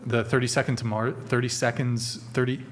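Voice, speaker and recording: A man's voice: medium pitch, little pitch movement, brisk, background noise. Joking, swearing male stream host. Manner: loose, joking, swears casually. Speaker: podcast host. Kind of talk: casual live-stream banter.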